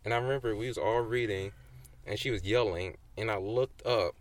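A man's voice: on the low side, brisk. A young man co-hosting a podcast in casual chat, telling rambling stories and giggling often. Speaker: podcast co-host.

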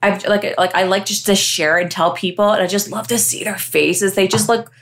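A woman's voice: mid-range voice, steady tone, moderate pace, fairly bright tone. Bubbly rambling young woman co-host. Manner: bubbly, rambling, lots of "like" and laughter. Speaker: podcast co-host. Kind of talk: casual chat.

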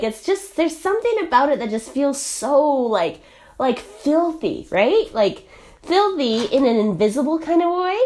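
Young woman rambling casually, lots of "like", bouncy high-ish voice that swoops around. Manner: chatty, filler-heavy, asks "right?" often. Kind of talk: casual personal monologue.

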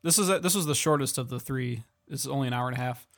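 A man co-hosting a casual podcast chat about films, laid-back and often trailing off into quiet asides. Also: medium pitch, quick pace, gravelly. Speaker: podcast co-host.

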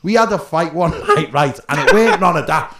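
A man's voice: fairly high pitch, animated, a little fast, reverberant. Swearing Scouse man telling stories. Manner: swearing, storytelling, loud laughs. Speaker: podcast guest. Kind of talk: casual chat.

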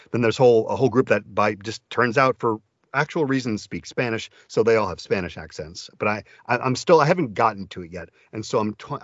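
A man's voice: lowish voice, no room sound, dull audio. A man who narrates audiobooks, talking in an interview with enthusiasm and many restarts. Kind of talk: casual interview talk.

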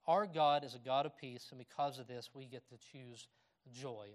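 A man's voice: medium pitch, steady tone, moderate pace. A middle-aged man preaching a sermon, reading scripture aloud and telling personal stories with a laugh. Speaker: pastor.

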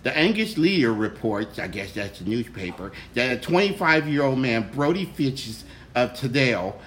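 Male host, mid pitch, wry and teasing, reads odd headlines in a loose chat. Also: a bit bright, slight background noise, low-quality recording. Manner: wry, teasing, laughs along. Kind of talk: casual comedic news chat.

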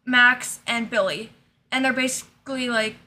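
A woman's voice: fairly high pitch, unhurried, bright, forceful tone. A young woman chatting casually as a podcast co-host, animatedly retelling scenes and acting them out. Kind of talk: casual chat.

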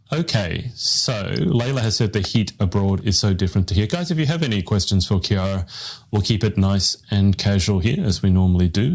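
A man's voice: fairly low pitch, gravelly, a little hiss or hum. A man hosting a live interview show, telling rambling, self-deprecating stories to his guest over a video call. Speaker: podcast host, interviewer.

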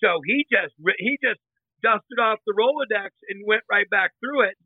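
A man telling casual stories as a guest, animated and doing quick voices of the people in them. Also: high voice, breathy edge, no room sound. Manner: animated, imitates others' voices in anecdotes. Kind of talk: casual storytelling. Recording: tinny phone-line sound.

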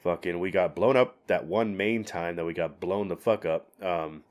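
A man's voice: deep voice, normal speed, a little mellow. A man telling war stories in a casual podcast chat, rambling, swearing a lot and getting fired up. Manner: gets fired up. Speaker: military veteran guest.

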